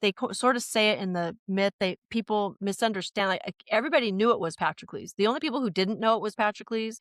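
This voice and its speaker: A woman chatting on a podcast, telling stories in a rambling, animated way with many restarts. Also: mid-range voice, quick pace, no room sound, studio quality. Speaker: podcast guest. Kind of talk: casual podcast chat.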